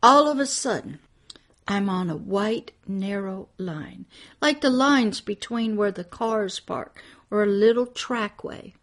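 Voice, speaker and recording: Slow, hushed woman pastor. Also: medium pitch, lively intonation. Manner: hushed, emotional storytelling. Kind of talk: spoken teaching with a personal testimony.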